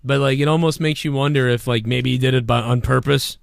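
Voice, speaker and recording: A man hosting a casual livestream show, rambling and swearing a lot, with a hoarse voice. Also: mid-range voice, brisk, no room sound, clean studio sound. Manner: profane, rambling and animated. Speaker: show host.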